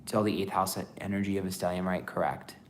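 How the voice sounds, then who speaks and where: A man's voice: low-pitched, steady tone, quick pace, slight background noise. A man chatting casually on a livestream as a tarot reader, rambling with lots of fillers.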